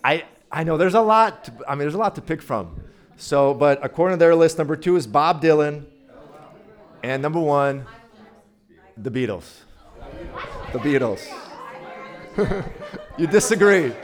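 A man's voice: a little high, animated, a little slow, long pauses, a faint crowd. A man giving a casual sermon as guest preacher, chatty and playful, talking straight to his audience.

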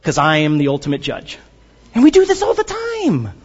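A man preaching a sermon as pastor, animated and joking, sometimes acting out the voices of the people he quotes. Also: fairly high pitch, moderate pace, slightly rough, in a large hall, dull audio.

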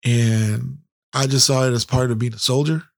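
Gravelly, profane middle-aged man. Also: medium pitch, steady tone, moderate pace, no room sound, clean studio sound. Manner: blunt and heavily profane. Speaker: podcast host. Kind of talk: candid personal storytelling.

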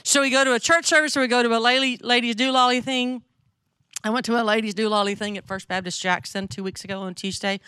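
A woman's voice: fairly high pitch, fairly even intonation, brisk, pushed and bright, smooth, no room sound, clean studio sound. A middle-aged woman from the American South with a Southern accent, giving a chatty, candid sermon to a women's gathering and often checking in with her listeners. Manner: chatty, candid, asks the audience questions. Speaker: women's ministry speaker. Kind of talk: conversational sermon.

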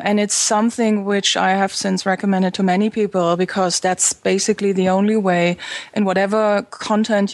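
A woman's voice: medium pitch, no room sound. A German woman in her forties, a native German speaker, talking candidly and at length as a guest on a remote interview. She often repeats words as she restarts a thought. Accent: German, with an American lilt. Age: 40s. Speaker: guest, tech and marketing consultant. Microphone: remote call.

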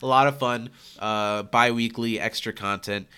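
Bright-voiced joking male podcast co-host. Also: mid-range voice, steady tone, normal speed, clean tone. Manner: joking, reads patron plugs. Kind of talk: casual chat.

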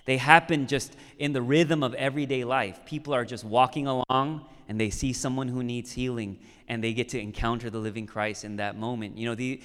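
A man's voice: mid-range voice, clean tone, big-room sound. A man who is a pastor, preaching a sermon and telling a personal story in an easy, conversational way, with frequent "right?" asides.

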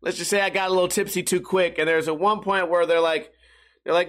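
A man's voice: high-pitched, steady tone, a little fast, a bit bright. A young man telling a rambling, profane story to his viewers and often chuckling at his own jokes. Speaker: vlogger. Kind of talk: casual storytelling to camera.

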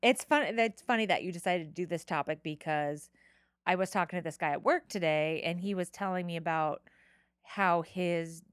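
A woman's voice: on the low side, normal speed, clear, resonant tone, no echo, clean studio sound. A woman co-hosting a casual talk show, rambling with lots of filler words and casual swearing. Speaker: podcast co-host. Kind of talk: casual chat.

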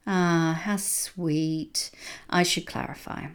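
A woman playing a cold, gloating male villain from a children's storybook. He taunts in a sly, sing-song way, with a fairly low voice. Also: steady tone, slow, smooth.

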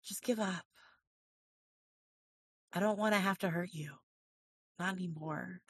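A player voicing a weary female supervillain in a put-on French accent, speaking quietly and slowly with resigned menace during a tabletop game. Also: medium pitch, slightly rough, no echo. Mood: quietly menacing. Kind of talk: tabletop role-play.

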